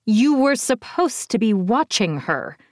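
A woman narrator voices a furious, weakened sorceress with an imperious bite, pitching her noticeably higher and louder than the surrounding narration, with big pitch swings and a slightly slow pace. Seething, the character snaps in a shrill, commanding tone. It's an audiobook character voice, recorded close and dry.

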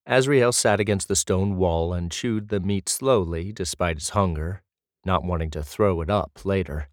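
A man narrating a fantasy audiobook in an even, measured way. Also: low voice, dry recording, clean studio sound.

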